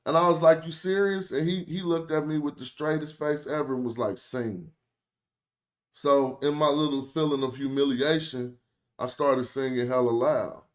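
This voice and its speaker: A young American man with an African American accent, streaming casual, joking commentary in loose slang. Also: mid-range voice. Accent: African American English. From United States. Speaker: streamer host.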